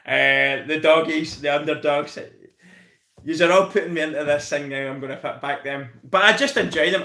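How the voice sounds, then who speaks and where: Excitable Scottish man with a fairly high voice. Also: roomy sound. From Scotland. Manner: excitable, rambling, swears freely. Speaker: live stream host. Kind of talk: casual live-stream chat.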